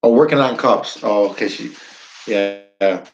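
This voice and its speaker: A man's voice: lowish voice, moderate pace, faint music behind. Guy rambling on his live stream, reads out comments, repeats stuff, muffled lo-fi sound. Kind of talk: casual live-stream chat with viewers.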